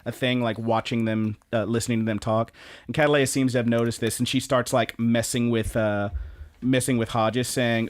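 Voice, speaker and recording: A man's voice: medium pitch, level tone, normal speed. A man co-hosting a podcast, recapping anime episodes in a rambling, profane casual chat full of fillers and restarts. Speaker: podcast co-host.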